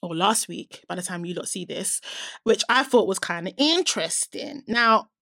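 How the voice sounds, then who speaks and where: Female co-host, chatty and animated, dry studio mic. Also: medium pitch, normal speed, vocal fry, no echo. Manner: animated storyteller, voices both sides of a quoted chat. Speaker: podcast co-host. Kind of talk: casual chat, reading out a text exchange.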